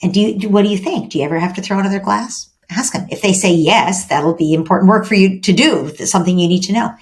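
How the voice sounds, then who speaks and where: A woman's voice: medium pitch, fast talker. Woman explaining, tagging points with "right?". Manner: acts out gentle parent-child dialogues. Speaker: parenting expert guest. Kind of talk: podcast interview advice.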